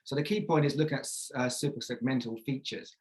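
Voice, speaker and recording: A man's voice: medium pitch, fairly even intonation, fast, low-quality recording. Man presenting a pronunciation teaching talk. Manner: explanatory, many fillers and restarts; models pronunciation examples aloud. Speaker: English teacher and conference presenter.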